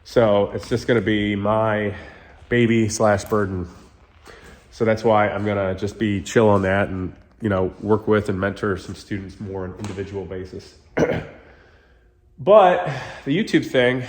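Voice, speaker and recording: A man hosting his own car channel, talking candidly and rambling to viewers while walking through his shop. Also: fairly low pitch. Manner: candid, rambling, talks to viewers as "you guys". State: sick. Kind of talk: casual vlog walkthrough.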